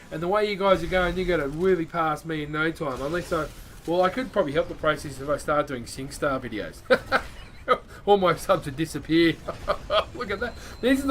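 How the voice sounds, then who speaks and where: A man's voice: high voice, fairly bright tone, a little hiss or hum. A man talking casually over his gameplay, chatty and encouraging, often laughing at himself. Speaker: gaming YouTuber.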